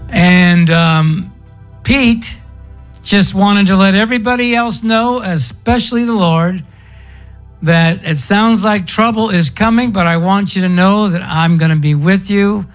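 A man's voice: sits high, measured pace, smooth, faint music behind. A male pastor preaching a sermon in a conversational storytelling way, drawing out words for emphasis.

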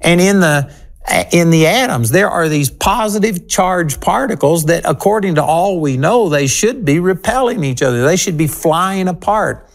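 A man's voice: high-pitched, expressive, moderate pace. Emphatic male TV Bible teacher. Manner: emphatic, talking straight to listeners. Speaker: Bible teacher hosting a broadcast program.

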